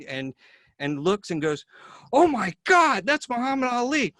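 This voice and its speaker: A man's voice: mid-range voice, fairly bright tone, no echo. A man hosting a conversation, telling a long story with many fillers and restarts. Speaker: neurologist host. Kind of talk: casual video-call conversation.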